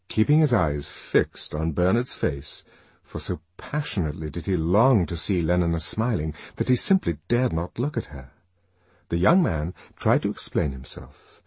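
Husky-voiced man reading a novel aloud. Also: deep voice, dry recording. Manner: expressive reading that shifts voice for characters. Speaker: narrator. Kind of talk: scripted audiobook narration.

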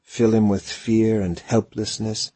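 A man reading a story aloud as narrator, measured and even. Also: fairly low pitch, husky, no echo. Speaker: audiobook narrator. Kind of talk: scripted narration.

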